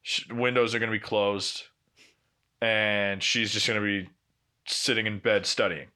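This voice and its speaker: Bright-voiced man telling a story. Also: on the low side, fairly even intonation, measured pace, clear, resonant tone. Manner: profane, laughing anecdotes with quoted dialogue. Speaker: podcast co-host. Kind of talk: casual storytelling chat.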